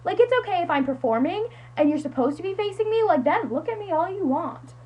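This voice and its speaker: A woman's voice: very high voice, lively intonation, fairly quick, warm tone, highs cut off. A teenage girl from the United States telling a friend a story in a casual, dramatic, self-mocking way, full of "like". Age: teens. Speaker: vlogger.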